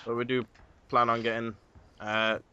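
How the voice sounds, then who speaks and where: A man's voice: medium pitch, little pitch movement, moderate pace, bright, forceful tone, clean tone, dull audio. A man hosting a casual podcast, rambling with many fillers. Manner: rambling, filler-heavy planning talk. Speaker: podcast host.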